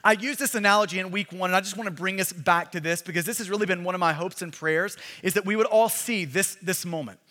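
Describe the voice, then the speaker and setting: A pastor preaching a sermon with emphatic, repetitive delivery that builds to shouts, recorded in a large hall. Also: male voice, high voice, fast, hardly any pauses. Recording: long hall reverb.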